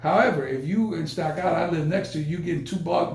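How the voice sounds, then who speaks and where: A man's voice: fairly high pitch, fast, hardly any pauses, a little mellow. Rambling male podcast host, roomy echo. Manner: rambling, emphatic, repeats words. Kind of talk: casual chat.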